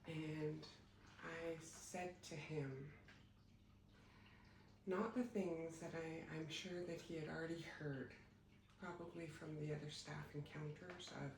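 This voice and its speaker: A woman in elder care tells a personal story at an unhurried, reflective pace, her voice gravelly at the edges. She sounds set back from the microphone in a roomy, echoing space with steady noise underneath. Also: deep voice. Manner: slow, measured, reflective. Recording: distant mic in echoey room with noise.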